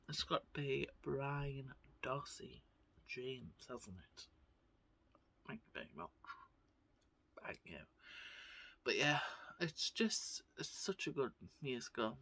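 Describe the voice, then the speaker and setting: A woman's voice: deep voice, fairly bright tone, no echo. A woman vlogger chatting casually to camera, gushing and often tagging her sentences with "right?". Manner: gushing, keeps asking "right?".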